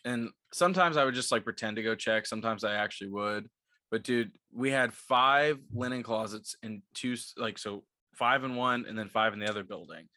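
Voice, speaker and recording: A man's voice: lowish voice, fairly quick, sharp tone, dry recording, clean studio sound. A man co-hosting a podcast in casual chat, rambling through stories with a lot of swearing and laughter. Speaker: podcast co-host.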